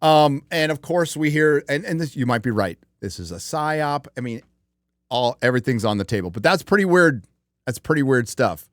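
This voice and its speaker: A man's voice: medium pitch, expressive, moderate pace, no room sound, clean studio sound. A man hosting a livestream show, talking casually in a rambling, profane way with many fillers. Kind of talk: casual chat.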